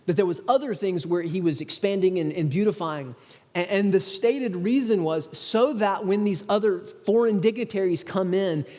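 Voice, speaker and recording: A man's voice: high-pitched, dark tone. A male pastor preaching a sermon in an earnest, conversational way, often restarting his sentences. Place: church sanctuary. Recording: church hall with long reverb.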